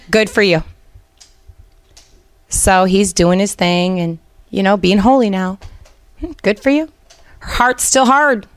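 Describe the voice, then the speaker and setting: Middle-aged woman, Christian teaching talk, earnest, conversational, lowish pitch, smooth. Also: no echo. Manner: earnest, conversational, many fillers. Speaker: Christian speaker.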